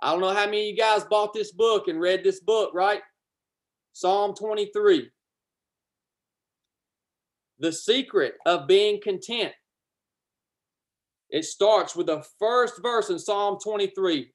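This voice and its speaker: A man with a drawl delivers a livestreamed sermon. He preaches with fervor, repeating key lines, climbing to loud declarations, then easing into chatty asides to his viewers. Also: sits high, a little slow. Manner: fervent, repetitive, swells loud then drops to casual asides.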